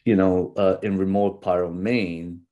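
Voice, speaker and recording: A man hosting a podcast interview in a relaxed, hesitant way, with many fillers. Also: sits low, unhurried, highs cut off. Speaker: podcast host. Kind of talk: casual interview chat.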